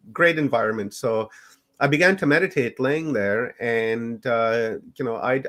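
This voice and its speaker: A man's voice: medium pitch, a bit bright. Middle-aged canadian guy on a podcast, telling a long personal story, easygoing and rambly, medium voice. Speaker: podcast guest.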